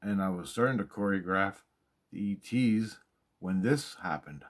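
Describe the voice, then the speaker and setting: A man with a fairly low voice tells a personal story in a casual monologue. He is excitable and profane, and he repeats himself when he wants to stress a point. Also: measured pace.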